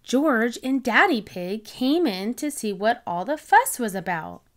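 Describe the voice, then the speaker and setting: A woman's voice: a little high, very animated, measured pace, a bit bright. A woman reading a picture book aloud to young children in an enthusiastic, child-directed way. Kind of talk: read-aloud storytelling for kids.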